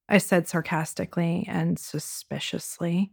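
A woman hosting a podcast, narrating a personal dating story with intimate hushed passages and wry, sarcastic asides. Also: on the low side, unhurried. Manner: intimate, dropping to a hushed whisper for racy moments. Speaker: podcast host.

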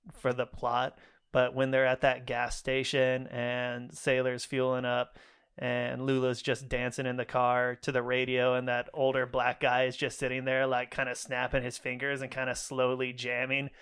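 A man's voice: medium pitch, fairly bright tone, clear, resonant tone. A man co-hosting a film podcast, rambling and joking in casual chat and laughing often. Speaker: podcast co-host.

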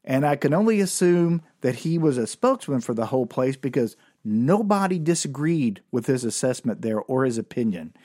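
A man's voice: medium pitch, sing-song, moderate pace, hardly any pauses, warm tone, no echo, clean studio sound. Rambling self-mocking male comic storyteller. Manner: rambling, self-deprecating, many fillers. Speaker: comedian and podcast host.

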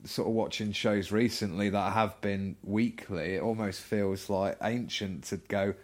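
Easygoing male co-host, lowish voice. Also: steady tone, measured pace. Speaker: podcast co-host. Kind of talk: casual podcast chat.

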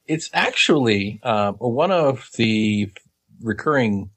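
A man's voice: mid-range voice, animated, takes it slowly, fairly bright tone. A man co-hosting a podcast, talking about comics in a thoughtful, hesitant, casual way. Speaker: podcast co-host.

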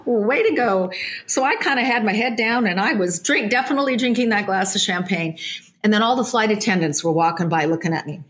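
A woman, a psychic medium, telling an anecdote in an interview, lively, with many restarts and self-corrections. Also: mid-range voice, fast talker. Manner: animated storytelling with many restarts.

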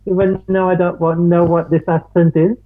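A woman voicing a shrill, silly adult woman persona in a squeaky, sing-song, theatrical voice. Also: flat delivery, moderate pace, close to an everyday voice. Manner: theatrical, over-the-top. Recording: tinny phone-like line.

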